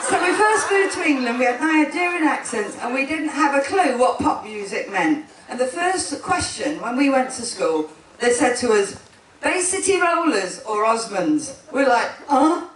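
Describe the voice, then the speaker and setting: Speaking at normal speed with few pauses, a woman with a high, lively voice delivers a wedding speech for her twin sister, one of the brides. She chats, laughs a lot, and breaks off mid-sentence. The recording comes from an echoey indoor room with the mic far away.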